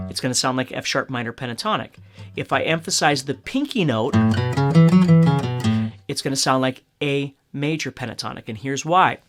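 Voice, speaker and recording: A man's voice: medium pitch, fairly bright tone. A man giving a casual, step-by-step guitar lesson, often checking in with "okay?". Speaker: guitar teacher. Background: acoustic guitar playing.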